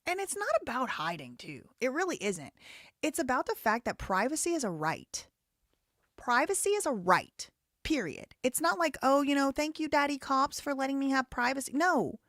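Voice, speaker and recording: A woman's voice: a little high, a bit bright, no room sound, studio quality. A woman hosting a live commentary show, talking in a heated, blunt and profane way. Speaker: show host.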